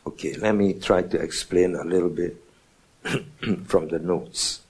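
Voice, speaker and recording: Slow-talking emphatic preacher man. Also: deep voice, steady tone, husky. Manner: emphatic, rising and falling in loudness for stress; asks the congregation rhetorical questions. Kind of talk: sermon.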